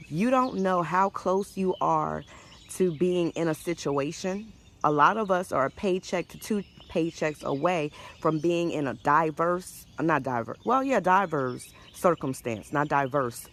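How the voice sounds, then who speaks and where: A woman life coach giving a faith-based motivational talk in a warm, conversational way, often restarting her sentences. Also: fairly low pitch, slight background noise.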